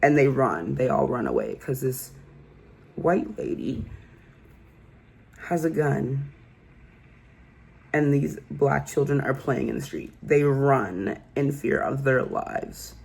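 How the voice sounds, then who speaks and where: A man's voice: mid-range voice, very animated, takes it slowly, vocal fry, long pauses, a little mellow, husky. A man casually recapping a true crime case in a rambling, incredulous way, full of fillers.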